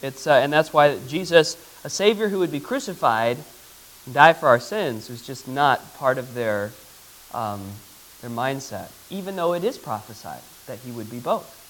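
A male pastor with a medium-pitched, fairly bright voice and lively intonation leads an interactive, conversational Bible teaching. He asks the congregation questions and reads Scripture slowly; the recording quality is low.

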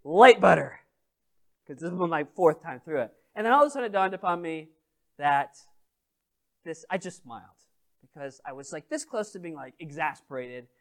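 A man's voice: a little high, fairly quick. A man preaching a sermon as pastor, telling a story and asking the congregation questions. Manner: animated, addresses the congregation directly.

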